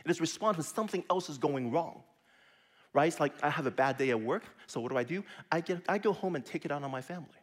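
Male pastor, sermon, middle-aged, animated delivery, fairly high voice, soft hushed asides. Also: fast. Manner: lively, conversational preaching with sudden soft drops.

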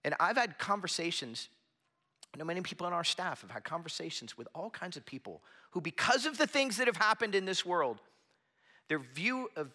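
A man with a bright, fairly high voice preaches a sermon to a small church gathering. He talks earnestly and conversationally, circling back and restarting his phrases as he builds his point. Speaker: pastor. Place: church hall with a small audience.

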